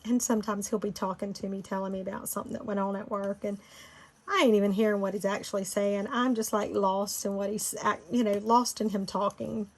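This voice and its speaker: A middle-aged Floridian woman with a Southern Georgia accent talks briskly in a medium-pitched, steady voice. She leads a design tutorial by screen recording, keeping the chat casual and rambling and laughing easily along the way.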